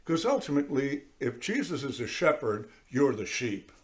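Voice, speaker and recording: A man's voice: medium pitch, moderate pace. A man, a priest giving a conversational sermon, talking straight to his listeners and acting out little voices as he goes. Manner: animated, talks straight to listeners, acts out voices. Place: church.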